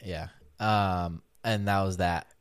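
A man's voice: low voice, slow pace, clean tone. A young man co-hosting a casual podcast, telling a story with lots of swearing and laughter. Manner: animated storyteller, swears often and laughs through his stories. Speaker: podcast co-host.

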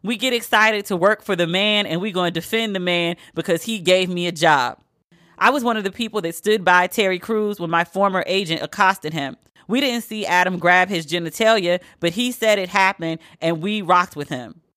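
A woman hosting a podcast, giving blunt, profane commentary with sudden high squeals. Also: moderate pace, fairly bright tone, no echo, studio quality. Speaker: podcast host. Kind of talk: casual commentary.

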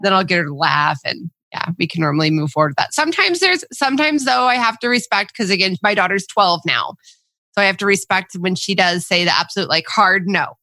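A woman's voice: medium pitch, lively intonation, a little fast, sharp tone, dry recording. A middle-aged woman co-hosting a podcast, goofy and playful in casual chat. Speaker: podcast co-host.

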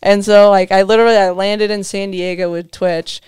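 Young woman on a podcast, super clean crisp voice, dry close mic, says like a lot and laughs while telling stories. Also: medium pitch, little pitch movement, moderate pace, darkish tone, no echo. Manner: storytelling, heavy use of "like" fillers, laughs often. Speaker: podcast guest, motocross racer. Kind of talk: casual chat.

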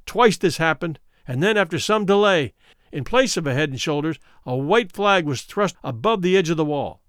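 A man narrating a classic adventure story in a dramatic, expressive reading. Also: a little high, normal speed, no room sound, clean studio sound. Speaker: audiobook narrator.

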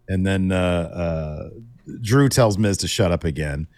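A man's voice: sits low, unhurried, a little mellow, dry recording, studio quality. A man co-hosting a podcast, casually recapping a wrestling show and acting out quoted lines in a raised voice. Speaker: podcast co-host.

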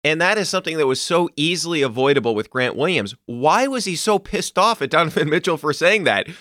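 A man hosting a sports podcast, ranting in an animated, emphatic way with occasional swearing. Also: a little high, a little fast, dry recording, clean studio sound. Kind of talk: solo sports commentary.

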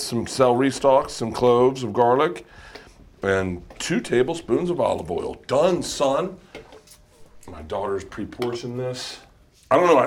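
Brief: middle-aged comic host, lively rambling chatter, kitchen, faint noise and clicks. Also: male voice, medium pitch. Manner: loud, laughing, rambling storyteller. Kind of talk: casual comedy chat while cooking. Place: home kitchen.

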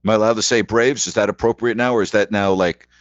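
A man's voice: on the low side, fairly even intonation, fast talker, no echo, highs cut off. A man hosting a sports radio call-in show, rambling chattily through scores and rhetorical questions. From New York.

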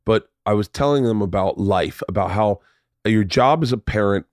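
A man's voice: lowish voice, moderate pace, a little mellow, no room sound, studio quality. A man hosting a podcast, telling long rambling stories in casual chat and swearing freely. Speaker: podcast host.

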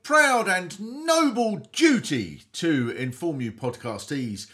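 A man's voice: fairly high pitch, huge pitch swings, slow pace, music in the background. A middle-aged man hosting a comedy podcast in a theatrical, mock-grand way. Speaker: podcast host.

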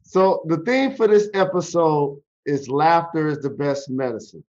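A man's voice: on the high side, lively intonation, highs cut off. A man hosting a podcast interview, asking questions and speaking earnestly about his own losses. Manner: slow, deliberate, earnest. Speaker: podcast host, former pro athlete. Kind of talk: interview questions and personal reflection.

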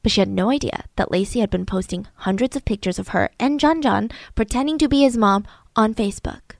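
A woman casually telling a true-crime story to a co-host, chatty and animated, with frequent asides. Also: medium pitch, fairly quick, gravelly, no room sound.

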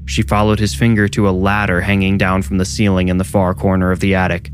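Low-voiced male horror narrator. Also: completely flat delivery, fast talker, faint music behind.

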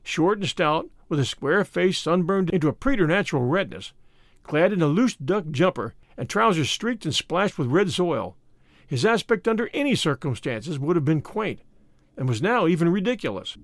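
Male audiobook narrator, expressive, lively intonation, fairly high voice. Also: normal speed, no echo, studio quality. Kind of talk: scripted story narration.

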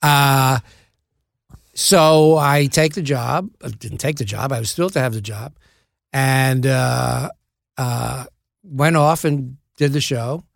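A man in his seventies, an actor being interviewed, telling lively stories with halting restarts and asides. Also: medium pitch, creaky, no echo, clean studio sound. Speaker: actor guest. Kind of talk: anecdotal interview storytelling.

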